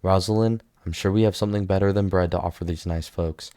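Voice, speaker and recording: A man reading a stoic, calm male necromancer. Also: sits low, fast, no echo, studio quality, natural voice. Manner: calm, matter-of-fact.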